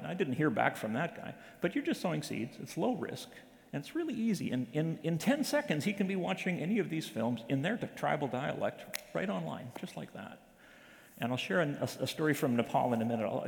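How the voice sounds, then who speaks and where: Gravelly man in an echoing hall. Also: mid-range voice. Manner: earnest, with frequent restarts. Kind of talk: conversational storytelling.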